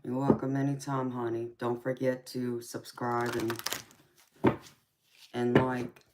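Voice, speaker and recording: A woman's voice: rumbling low, level tone, slow pace, heavy background noise. A woman with a Southern American accent chatting casually with viewers on a live stream, affectionately calling them honey and sweetheart and laughing often. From California, raised in Georgia. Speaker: tarot reader and live stream host.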